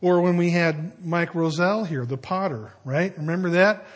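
Husky older man preaching folksy sermon. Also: sits high, normal speed. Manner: folksy storytelling with conversational asides. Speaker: pastor.

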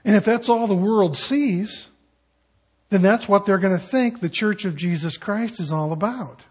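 Husky-voiced pastor preaching in storytelling style. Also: male voice, high voice, measured pace. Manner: conversational storytelling, animated quoting of others. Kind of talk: sermon. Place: church sanctuary.

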